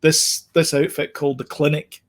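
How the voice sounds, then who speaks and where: A man's voice: on the high side, little pitch movement. A man co-hosting a podcast in casual chat, rambling with lots of ums. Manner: rambling, fills pauses with ums. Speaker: podcast co-host.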